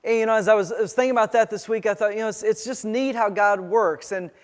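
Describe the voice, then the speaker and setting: A male pastor preaching a sermon, telling a personal story in a halting way, full of restarts and fillers. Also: sits high. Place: church sanctuary. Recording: church sanctuary with long reverb.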